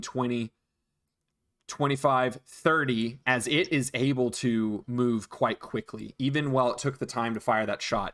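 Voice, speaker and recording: A man's voice: mid-range voice, a bit bright. A man acting as dungeon master, patiently explaining rules and counting out moves in casual chat. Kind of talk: narrating a tabletop game.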